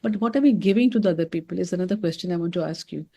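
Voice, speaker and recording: A woman's voice: lowish voice, rapid-fire, breathy edge. A middle-aged woman giving a motivational talk, telling stories and calling her listeners friends. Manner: animated storytelling, addresses listeners as friends. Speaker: doctor giving a wellness talk.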